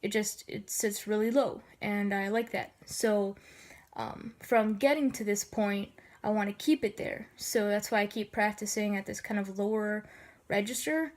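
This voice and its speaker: A woman with a slightly gravelly low voice, sniffly from allergies, giving a casual voice tutorial with many filler ums. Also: measured pace, darkish tone.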